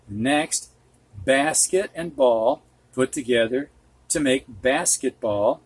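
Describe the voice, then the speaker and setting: A man teaching a reading lesson, reading words slowly and repeating them, with patient explanations for teachers. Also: medium pitch, expressive, breathy edge, no room sound. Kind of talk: slow spoken reading lesson.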